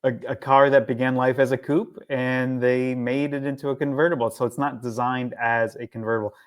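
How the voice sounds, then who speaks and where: A man's voice: mid-range voice, little pitch movement, fairly quick. A man co-hosting a casual car chat, easygoing and agreeable, often restarting his sentences. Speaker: podcast co-host.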